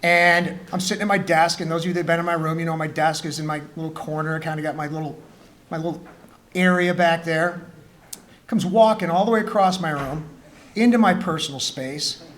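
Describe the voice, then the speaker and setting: Joking high-voiced male teacher. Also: brisk. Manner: joking, animated storyteller who acts out dialogue. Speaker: high school teacher giving a talk. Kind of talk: humorous personal story talk. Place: school gym with students in the stands.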